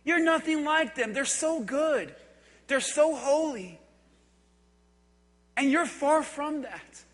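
A man's voice: very high-pitched, animated, slow pace, fairly bright tone, heavily acted. A man voicing a taunting male devil who mocks and coaxes the listener. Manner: mocking, scornful, coaxing. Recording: echoey hall.

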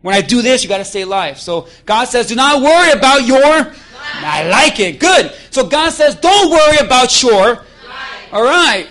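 High, bright-voiced preacher man. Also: normal speed. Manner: lively, playful preaching with call-and-response and acted-out voices. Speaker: pastor. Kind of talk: sermon. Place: church.

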